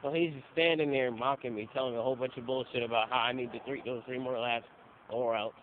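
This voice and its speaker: A man's voice: mid-range voice, fairly even intonation, quick pace. A young man telling casual stories, loose and profane, acting out the people he quotes. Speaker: interviewee. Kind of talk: casual storytelling. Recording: phone-like audio with faint noise.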